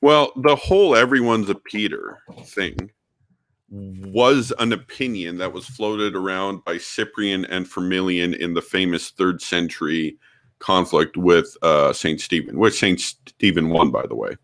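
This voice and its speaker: A man joining a casual discussion as a guest, with a low-pitched voice. He talks loosely, full of fillers, and slips into mocking paraphrases. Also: unhurried, fairly bright tone.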